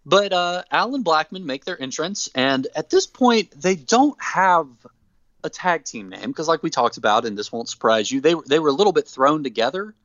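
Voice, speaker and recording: A man tells a story with a lively pitch that swings widely, acting out the voices he quotes. The recording is dry and a little dull. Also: moderate pace, dry recording. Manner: animated storyteller, acts out quotes. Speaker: podcast co-host. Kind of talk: casual chat, recapping wrestling. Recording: dull dry close mic.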